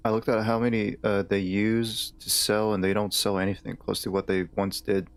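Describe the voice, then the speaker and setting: A male streamer with a Southern accent chatting loosely over gameplay. His voice sits on the low side, and he rambles and hesitates, often restarting his sentences. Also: little pitch movement, moderate pace. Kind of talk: casual gaming stream chat.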